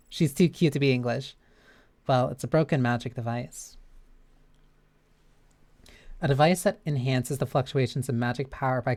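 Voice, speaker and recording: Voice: medium pitch, a little mellow. Chatty streamer reading a game aloud. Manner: chatty, reads game text aloud with many fillers. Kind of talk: live game stream commentary.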